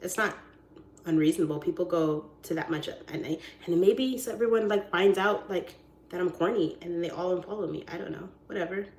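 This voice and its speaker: A woman's voice: lowish voice, fairly quick. Goofy chatty woman in an echoey room. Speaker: realtor. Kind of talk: casual live-stream chat. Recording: roomy echoey sound.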